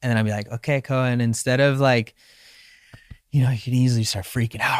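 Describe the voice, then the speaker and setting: Relaxed young surfer man, smooth voice. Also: medium pitch, fairly quick, dry recording, studio quality. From Hawaii. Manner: relaxed, reflective, acts out his own inner voice. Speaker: professional surfer, guest. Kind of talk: casual interview storytelling.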